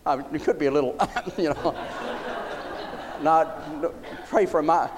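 A man's voice: fairly high pitch, takes it slowly, a crowd in the background. A man preaching a folksy sermon, often asking his congregation "Huh?".

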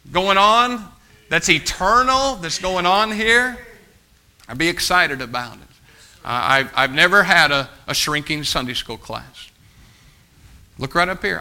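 A man's voice: fairly high pitch, sharp tone. A man preaching a sermon as pastor, urging and exhorting his congregation with fervent repetition.

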